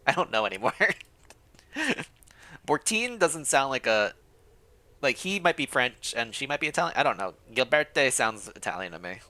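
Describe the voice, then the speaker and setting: A man's voice: mid-range voice, sharp tone. A man streaming, casually reading a visual novel aloud and commenting, often laughing and correcting himself.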